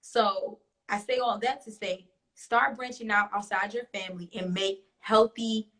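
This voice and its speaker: A young woman hosts a talk show. She has a bright, forceful voice and talks bluntly, swearing and laughing often with her audience. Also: medium pitch, steady tone, a little slow. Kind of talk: casual chat to a live audience.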